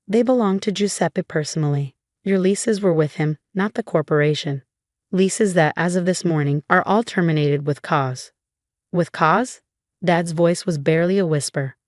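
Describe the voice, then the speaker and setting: A woman narrating a first-person family drama story, reading every character's lines in the same steady storytelling voice. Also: fairly low pitch, dry recording, studio quality.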